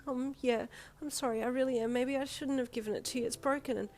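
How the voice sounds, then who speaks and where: A shy, teary young woman with a high, wavering voice, always apologizing, as a woman reader acts her out. She sounds fragile and hesitant in an audio story. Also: steady tone, fast talker, darkish tone. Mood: apologetic.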